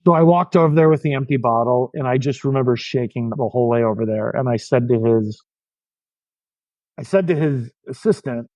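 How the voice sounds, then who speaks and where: A man's voice: medium pitch, brisk, darkish tone, dry recording, lo-fi sound. A middle-aged man telling his own story as a podcast guest, frank and self-deprecating, with frequent restarts. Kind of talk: candid personal storytelling.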